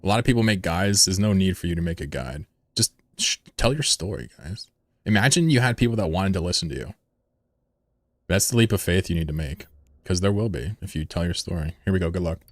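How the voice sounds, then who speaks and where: A man's voice: low-pitched, animated, brisk, dry recording. A man chatting casually on a live game stream, rambling, joking and swearing freely while he plays.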